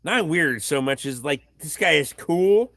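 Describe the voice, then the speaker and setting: Reading viewer comments aloud at a measured pace, a man with a fairly high, fairly bright voice and lively intonation hosts a casual, profane livestream. He swears freely and bluntly, recorded on a tripod camera in his home workshop, with no room sound.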